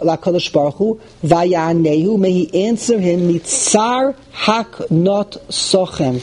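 Guy teaching a text, high voice, bit of hiss behind him. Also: rough recording. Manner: translates phrase by phrase, animated and indignant at points. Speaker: Torah teacher. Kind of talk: text study class.

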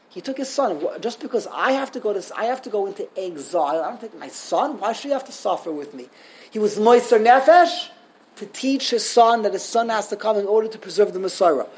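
A man giving a Talmud class lecture, telling stories with animated rhetorical questions and frequent restarts. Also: high voice, breathy edge. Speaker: Talmud teacher.

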